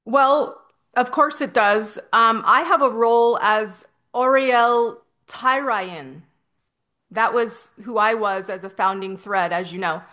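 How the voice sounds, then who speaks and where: Slow hesitant woman hosting, lots of restarts, casual talk to viewers. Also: fairly high pitch, sharp tone. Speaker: host interviewing an AI voice.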